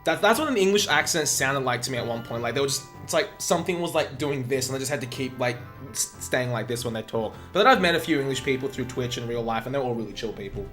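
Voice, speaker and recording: A man's voice: medium pitch, animated, quick pace, few pauses, fairly bright tone, faint music behind. An Australian man, a speedrun streamer, chatting casually and rambling as he answers his live chat.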